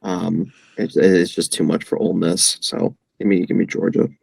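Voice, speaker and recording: A man's voice: low voice, flat delivery, normal speed, creaky, a little mellow, husky, no echo, rough recording. A young man calling in over a video call to give betting picks, hesitant, with lots of ums and repeats. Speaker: regular panelist. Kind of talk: casual sports betting picks. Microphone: home setup over video call.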